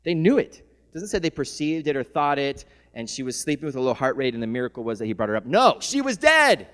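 A male pastor preaching a sermon who moves from soft, tender passages to loud shouting and laughs often. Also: medium pitch, big pitch swings, fast talker, clear, resonant tone. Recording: long hall reverb.

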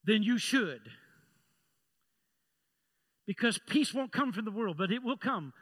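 Male preacher, high bright voice, long hall reverb; call-and-response sermon that swings from hushed to loud. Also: animated, a little slow. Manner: builds from soft to loud preaching, leads the congregation in call-and-response.

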